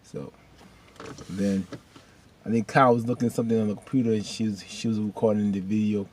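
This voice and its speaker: A man casually recapping a TV episode, rambling and animated with loose slang. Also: fairly low pitch, a little fast, a little hiss or hum. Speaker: video host recapping a TV episode.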